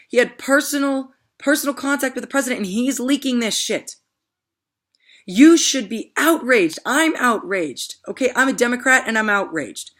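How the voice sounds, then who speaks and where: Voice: medium pitch, bright, forceful tone. Rambling, emphatic political vlogger. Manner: rambling and emphatic, often loses the thread; addresses viewers directly with repeated "okay?". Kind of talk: casual opinion rant.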